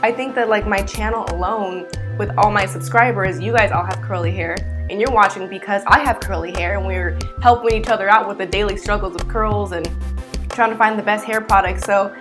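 A woman in her twenties, a vlogger, talking casually to camera in a bubbly, expressive way. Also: fairly quick, music in the background. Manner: bubbly and expressive, swinging pitch.

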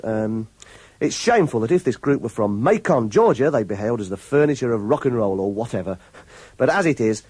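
Gleeful radio man, husky. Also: mid-range voice, darkish tone, no echo. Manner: gleeful, mocking, chuckles often. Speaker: radio show regular, review commentator. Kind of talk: chatty radio talk, reading reviews aloud. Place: radio studio.

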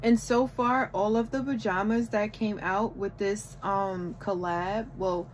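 A woman vlogging a shopping haul from home in casual chat, gushing and excitable over each item. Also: mid-range voice, normal speed, hardly any pauses, a little hiss or hum, low-quality recording. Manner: gushing, excitable, repeats "oh my goodness".

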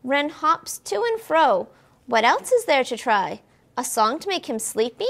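Reading to kids at a library storytime, a woman who is a children's librarian goes through a picture book in an expressive, sing-song voice, asking them questions. She's high-pitched and a bit creaky, reading a little slowly.

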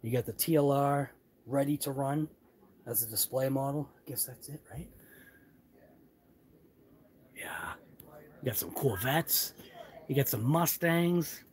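A man's voice: medium pitch, unhurried, pauses often, darkish tone. A man with a Massachusetts accent who drops his R's, chatting casually as he walks a camera through a large hobby shop, rambling and muttering asides. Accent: Boston-area Massachusetts, non-rhotic. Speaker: channel host. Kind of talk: live walkthrough vlog.

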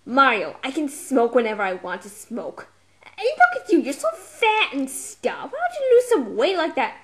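A woman's voice: sits high, huge pitch swings, normal speed, a bit bright, exaggerated voice. A woman playing a sassy bossy girlfriend. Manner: mocking, bossy teasing.

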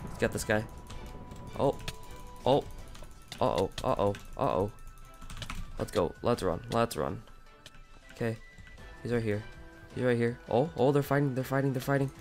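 A man's voice: medium pitch, unhurried, long pauses, darkish tone, faint music behind. A man casually commentating his own gameplay, rambling and chatty, with a groggy just-woken morning voice. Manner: rambling, chatty, frequent fillers. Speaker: gaming channel host.

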